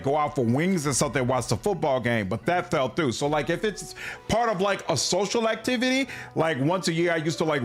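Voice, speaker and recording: Casual male game streamer, rambling, somewhat high voice. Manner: loose, rambling, full of "like". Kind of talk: casual chat.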